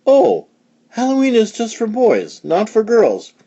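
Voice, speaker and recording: A man putting on a goofy, easily frightened moose for a children's storybook, his voice jumping up high and swooping about with wide-eyed eagerness. It comes across slow and husky on a dull, lo-fi recording. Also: sing-song, warm tone, heavily acted. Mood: curious. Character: silly naive male moose, excitable and easily scared.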